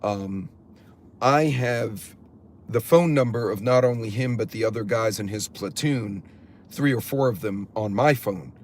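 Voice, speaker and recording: A man's voice: lowish voice, unhurried, slight background noise. Rambling, chatty middle-aged man. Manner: rambling, chatty, swears freely. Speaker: preparedness channel host. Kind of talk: casual livestream talk, reading chat aloud.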